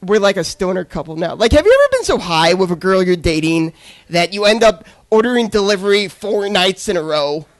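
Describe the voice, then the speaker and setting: A man's voice: high voice, very animated, brisk. A young man doing a stand-up comedy set on a club stage, telling awkward self-deprecating stories with crude jokes.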